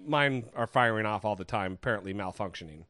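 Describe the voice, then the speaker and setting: A man's voice: lowish voice, expressive, fast talker, sharp tone, no echo. A man co-hosting a podcast, chatting casually in a rambling, self-deprecating way. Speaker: podcast co-host. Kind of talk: casual chat.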